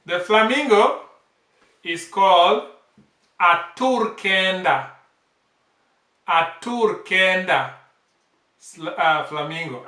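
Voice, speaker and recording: High, slow-talking male language teacher. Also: sharp tone. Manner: repeats each word several times, drops to an aside voice. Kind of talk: slow vocabulary lesson, repeating each word. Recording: echoey room, off-mic.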